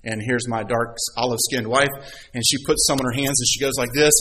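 Pastor, middle-aged man, mid-pitched voice, preaches with stories and rhetorical questions. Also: fairly even intonation, fairly quick, sharp tone, slight background noise, poor audio. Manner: storytelling with rhetorical questions and scripture readings. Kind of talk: sermon.

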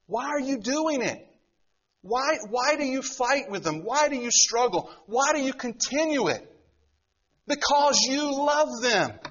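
A man's voice: very high-pitched, big pitch swings, a little slow, a bit bright, lo-fi sound. A middle-aged man preaching a sermon, who keeps asking the congregation rhetorical questions. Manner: asks rhetorical questions, acts out quoted voices. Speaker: pastor.

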